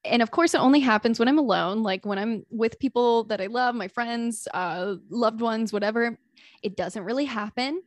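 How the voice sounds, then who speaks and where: A woman hosting a podcast, chatting casually and telling animated stories. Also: fairly high pitch, normal speed, no room sound. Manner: chatty, animated storytelling with laughs. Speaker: podcast host. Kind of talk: casual chat.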